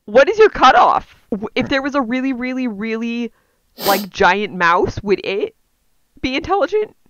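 Woman, animated pitch, teasing incredulous remarks, dry close mic. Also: moderate pace, no echo, dull audio. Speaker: podcast co-host. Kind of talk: casual banter and commentary.

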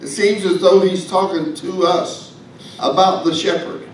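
A man's voice: sits high, fairly even intonation, unhurried, heavy reverb, distant mic, slight background noise, low-quality recording. A man preaching a sermon as pastor, folksy and humorous, with asides to the congregation. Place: church sanctuary.

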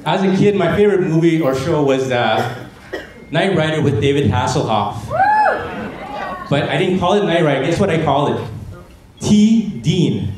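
A man performing a stand-up comedy set on a gala stage, telling stories in a deadpan way and mimicking family members' voices. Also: fairly high pitch, normal speed, a crowd in the background. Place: gala stage before a laughing audience. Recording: echoey hall with audience noise.

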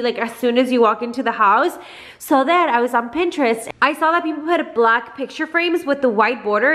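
A woman's voice: high-pitched, a bit bright. A young woman vlogging about her family in casual chat, with a stuffy nose and lots of "like" and "guys".

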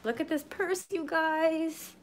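A middle-aged woman chatting excitedly and frankly on a live phone stream from her home shed. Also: very high-pitched, takes it slowly, a little hiss or hum. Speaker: purse vlogger. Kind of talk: casual live-stream chat. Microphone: phone camera.

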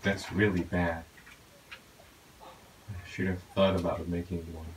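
A man with a very deep voice talks his way through a game, muttering to himself and breaking into sudden excited outbursts. A faint hiss sits under the recording. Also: slow pace, low-quality recording. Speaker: gaming YouTuber. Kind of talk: casual gameplay commentary.

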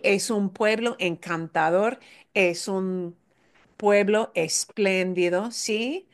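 A woman teaching Spanish at an unhurried pace, switching between English explanations and Spanish examples. She drills words by saying them again and again, patient and steady. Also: mid-range voice. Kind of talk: online language class.

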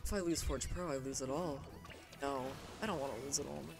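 A young man streaming a video game, chatting casually, cursing often and swinging from loud outbursts to quiet mumbling. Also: fairly high pitch, fairly quick, vocal fry, over music. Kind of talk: casual gaming livestream chatter.

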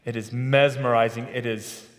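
A man's voice: medium pitch, flat delivery, moderate pace. A middle-aged man, a pastor, preaching a sermon in a conversational way with self-deprecating humor, in a large church sanctuary. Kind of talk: sermon with personal stories. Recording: long reverb of a church hall.

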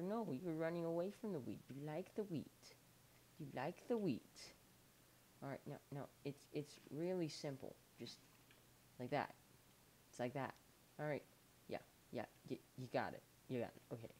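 A man's voice: a little high, lively intonation, moderate pace, a little mellow, a little hiss or hum. A young man giving playful let's play commentary, coaxing an animal along with lots of repeated encouragement. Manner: playful, coaxing and repeating himself as if talking to a pet. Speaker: gamer.

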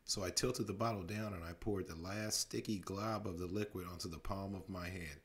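A man reading a storybook aloud as a bedtime story, steady narration broken by lively voices for the characters. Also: low-pitched, moderate pace.

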